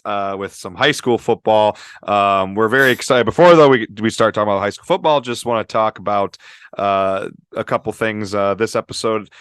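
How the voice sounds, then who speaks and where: A man hosting a football podcast in a relaxed, easygoing chat with lots of fillers. His voice sits a bit low, and the recording is very dry and close. He sounds upbeat as he runs through the show. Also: clean tone, dry recording. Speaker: podcast host. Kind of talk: casual sports podcast chat.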